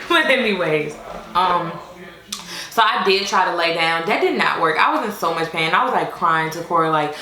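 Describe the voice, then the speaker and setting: A young adult woman telling a casual storytime to her viewers, chatty and expressive with many fillers. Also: fairly low pitch, moderate pace. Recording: echoey room with faint music.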